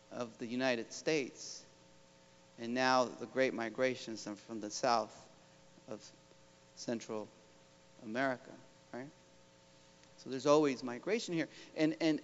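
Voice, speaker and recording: A man with a slightly high voice gives an earnest, rallying talk as a guest professor. He keeps checking in with the audience. The sound is dull, and his voice rings through a big hall with a long echo. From Oakland, California. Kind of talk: motivational public talk. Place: large school hall.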